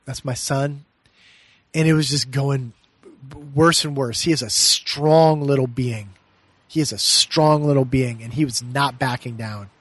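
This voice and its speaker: A middle-aged man, a meditation teacher, telling a personal story in an earnest, reflective way and often laughing softly mid-sentence. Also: medium pitch, unhurried, dry recording. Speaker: meditation teacher and podcast guest. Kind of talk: heartfelt personal storytelling in conversation.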